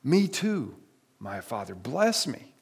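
A man's voice: mid-range voice, very animated, slow pace, creaky, a little mellow, slightly rough, heavily acted. A man reading scripture aloud in a sermon and voicing a grieving adult son who pleads with his father, his voice breaking. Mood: pleading.

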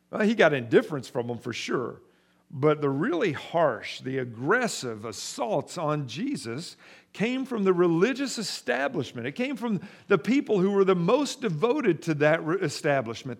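A man preaching a sermon as pastor, speaking conversationally to the congregation and pushing hard on stressed words. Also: sits high. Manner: emphatic, rising sharply in volume for stress.

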